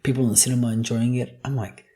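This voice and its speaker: A gravelly-voiced young man riffing alone on his podcast. He swears freely and jokes through his rant, with a mid-pitched voice. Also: level tone, quick pace, mellow. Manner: profane, joking, ranting. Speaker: podcast host. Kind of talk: casual solo podcast monologue.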